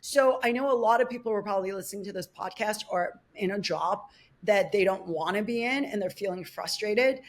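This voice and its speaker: A woman in the middle of her range, talking through her career as a podcast guest. She tells stories quickly and vividly, stops herself mid-sentence and starts again, and slips into other people's voices when she quotes them. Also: mid-range voice. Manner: animated, quick storyteller with many restarts; acts out other people's words in shifting voices. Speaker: life coach and podcast guest. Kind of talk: casual storytelling interview.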